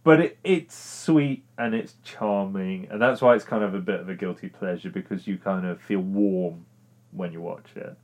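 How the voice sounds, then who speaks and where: A man with a fairly low voice chats casually about films. He talks hesitantly, restarting and trailing off as he goes. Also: normal speed, a little mellow.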